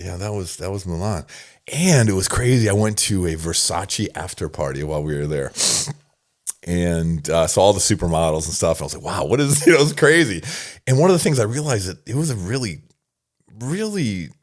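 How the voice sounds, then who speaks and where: A man in his fifties, a podcast guest telling stories in a casual interview, animated, laughing often and repeating phrases. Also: deep voice.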